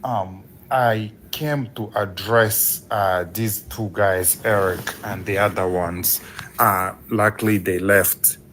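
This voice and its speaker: A man's voice: on the low side, slow. A man from Congo, calling in to a live stream with impassioned, emphatic commentary. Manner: fervent, emphatic, rising with excitement. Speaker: caller. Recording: faint background noise.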